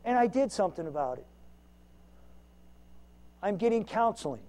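A man with a notably high voice delivers a sermon as a lay preacher. His talk is folksy and self-mocking. He swings between loud, emphatic lines and quiet asides. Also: big pitch swings, moderate pace.

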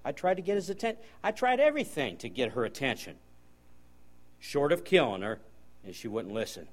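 A preacher voicing God in a low, plainspoken, folksy way. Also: male voice, big pitch swings, brisk. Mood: resigned. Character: God speaking plainly, weary and resigned.

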